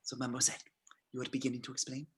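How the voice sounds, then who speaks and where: A smooth, menacing SS colonel who probes politely and drops into soft, husky asides, read by a man at a script reading. His voice sits at an ordinary male pitch, with a breathy grain to it. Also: completely flat delivery, rapid-fire. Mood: probing.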